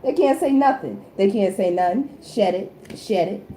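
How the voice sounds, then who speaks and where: A woman's voice: mid-range voice, lively intonation, moderate pace, mellow, reverberant, slight background noise. A woman host giving a casual tarot reading to camera, chatty and teasing, laughing often and talking in loose slang. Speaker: tarot reader and channel host.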